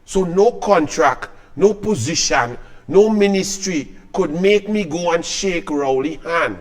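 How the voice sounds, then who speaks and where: A man's voice: fairly high pitch, expressive, slow. A man with a Trinidadian accent delivering a scornful, combative political commentary rant.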